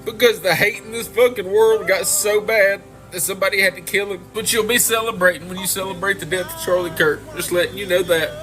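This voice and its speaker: A man's voice: sits high, steady tone, brisk, few pauses, pushed and bright, soft background music. A man in a clip ranting angrily, with heavy swearing. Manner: angry, profane, emphatic. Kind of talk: emotional video rant.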